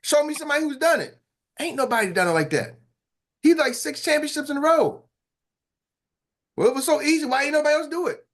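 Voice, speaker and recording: A man hosting a morning sales-training call as coach, talking in an animated, hyped and slangy way with quick asides. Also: very high voice. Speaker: sales coach and show host. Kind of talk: energetic motivational team talk.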